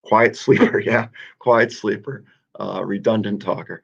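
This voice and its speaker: Man, gravelly low voice, soccer coach, joking about himself, muffled sound. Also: steady tone, a little slow. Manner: self-mocking, restarts often. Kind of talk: casual radio interview.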